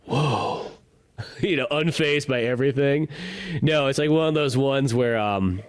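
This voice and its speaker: A man's voice: mid-range voice, measured pace, clear, resonant tone. A man co-hosting a movie podcast, chatting casually, rambling with many fillers and frequent laughs. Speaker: podcast co-host. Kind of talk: casual chat about movies.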